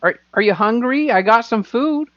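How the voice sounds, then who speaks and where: A man's voice: very high voice, animated, moderate pace, fairly bright tone, dry recording, highs cut off, pitched above the performer's own voice. A man voicing a friendly dragonborn adventurer in a folksy, coaxing drawl, in a tabletop game played over voice chat. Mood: soothing.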